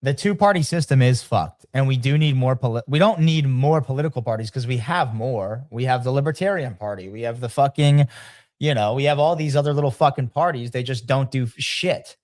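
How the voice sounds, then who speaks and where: A man's voice: mid-range voice, brisk, darkish tone, dry recording, clean studio sound. A man on a podcast, ranting bluntly and swearing constantly in heated casual chat.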